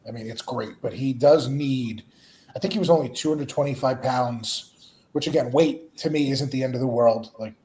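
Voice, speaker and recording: A male coach as a guest, answering in a calm, measured way. He explains plainly and fills pauses with phrases like "I mean". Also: mid-range voice, a little hiss or hum. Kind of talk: casual interview answers.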